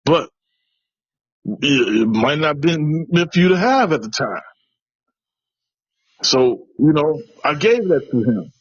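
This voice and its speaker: A man's voice: a little high, sing-song, takes it slowly, long pauses, husky, dry recording, muffled recording. A middle-aged man from Chicago telling a personal story in an interview, in an earnest way, with many restarts. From West side of Chicago. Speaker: interviewee, tradesman.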